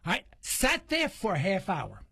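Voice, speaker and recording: A man's voice: sits high, a little slow, gravelly, husky, no echo. A man hosting a talk radio show, telling stories casually and acting out the voices of the people in them. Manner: animated storyteller, acts out quoted dialogue.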